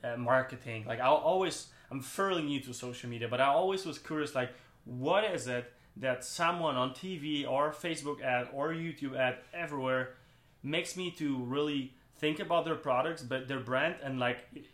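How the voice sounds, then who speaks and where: A man talks casually as a podcast guest, circling his points with restarts and fillers. His voice sits at an ordinary middle pitch. The room around him rings with audible echo. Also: moderate pace, a bit bright. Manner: rambling, frequent restarts and "like". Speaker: podcast guest, brand co-founder. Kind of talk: casual interview chat.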